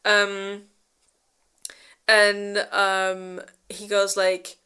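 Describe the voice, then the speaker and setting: Speaking a little slowly in a clean, fairly bright mid-range voice, this woman co-hosts a book club and retells the plot from a slideshow summary. It's casual and rambling, full of fillers and restarts, with free swearing and characters acted out in exaggerated quoted voices.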